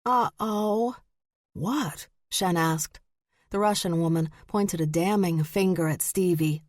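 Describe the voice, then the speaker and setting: A woman narrates an audiobook slowly and deliberately. Her voice is low and unhurried, and the recording is dry and close. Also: steady tone, darkish tone, no room sound. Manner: measured and deliberate. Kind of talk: scripted narration.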